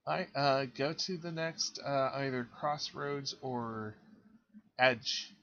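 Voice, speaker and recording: A man narrating a tabletop game as game master, relaxed and halting, often pausing on fillers. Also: medium pitch, highs cut off.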